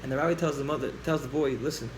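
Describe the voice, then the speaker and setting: A man teaching a class, telling a story with lively acted-out dialogue and questions to the listeners. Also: medium pitch, racing, slight background noise, low-quality recording.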